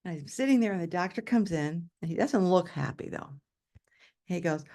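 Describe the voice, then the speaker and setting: An older woman telling a personal story with animated exclamations, over a video call. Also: fairly low pitch, moderate pace.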